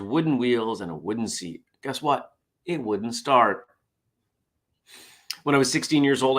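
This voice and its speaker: A man's voice: mid-range voice, a bit bright. A tired man hosting a casual morning show, reading jokes aloud in a wry, self-deprecating way. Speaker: host.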